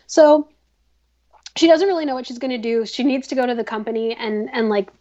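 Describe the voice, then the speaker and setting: A woman's voice: a little high, steady tone, brisk, warm tone, dull audio. A woman hosting a podcast, recapping a drama in a chatty, filler-heavy way. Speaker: podcast host. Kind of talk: casual drama recap chat.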